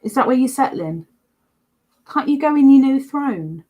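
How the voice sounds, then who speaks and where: A woman's voice: sits high, expressive, moderate pace, a little mellow. A woman hosting a livestream, chatting casually and reading out viewer comments in a rambling way. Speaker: livestream host.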